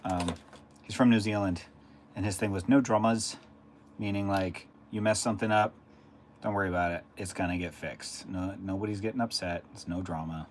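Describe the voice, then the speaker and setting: This deep-voiced streamer speaks briskly and with fairly even intonation, loosely rambling and replying to viewers in chat. He's at home in a room, with a faint hiss in the background.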